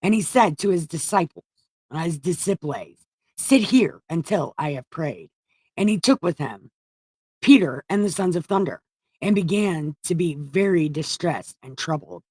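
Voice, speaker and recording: A woman's voice: lowish voice, expressive, moderate pace, mellow, husky, no room sound, clean studio sound. Profane joking woman reading scripture. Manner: profane, jokey paraphrasing. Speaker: host reading the Bible aloud. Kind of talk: irreverent comedic Bible reading.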